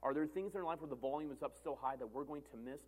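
A man in his thirties, a pastor preaching a sermon in an earnest way, repeating phrases for emphasis and swinging between loud and soft. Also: a little high, quick pace.

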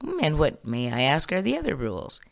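A woman voicing a polite, curious visiting male prime minister in a hushed tone. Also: deep voice, wildly swooping pitch, brisk, gravelly, exaggerated voice. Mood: politely curious.

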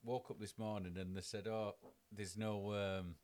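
A man's voice: on the low side, flat delivery, moderate pace, darkish tone, clean tone. A man, co-hosting a podcast in casual chat, blunt and teasing, swearing freely. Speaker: podcast co-host.

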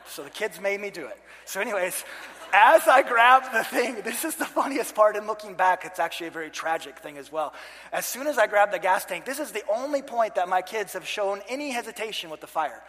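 A man in his thirties, a pastor telling a comic story in a sermon, animated and self-mocking, shouting at the big moments. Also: sits high. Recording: long hall reverb.

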